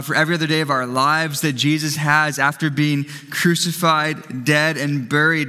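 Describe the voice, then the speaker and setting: Male pastor, bright higher voice, even and level delivery, earnest, reverberant church hall. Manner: earnest, conversational, frequent restarts. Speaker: lead pastor. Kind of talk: sermon and prayer on a live stream.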